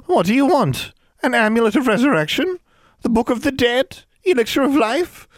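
A man voicing a croaking, wheedling old hag woman who coaxes sweetly. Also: extremely high pitch, expressive, normal speed, no echo, studio quality, pitched above the performer's own voice. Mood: coaxing. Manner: sweetly coaxing.

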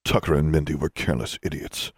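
A man's voice: sits low, steady tone, fairly quick, a little mellow, dry recording, studio quality, pitched below the performer's own voice. A man reading an audiobook voices a cold, commanding older student who leads a secret society, speaking with contempt. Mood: contemptuous.

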